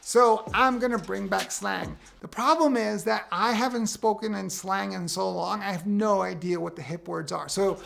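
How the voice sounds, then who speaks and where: A man in his fifties from the United States, talking candidly to camera with wry, animated storytelling. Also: high-pitched, normal speed, gravelly, hardly any pauses. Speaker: vlogger sharing a personal list. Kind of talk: casual talk to camera.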